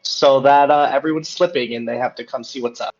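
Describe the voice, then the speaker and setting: A man's voice: medium pitch, fairly even intonation, brisk, highs cut off, soft background music. A man playing a tabletop game, talking in a hesitant, stumbling way. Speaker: player.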